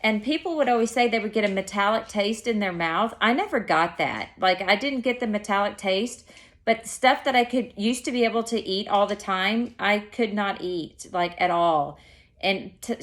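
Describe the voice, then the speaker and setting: A woman's voice: medium pitch, a bit bright. A woman chatting casually to camera, rambling and correcting herself mid-sentence as she tells her story. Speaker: vlogger.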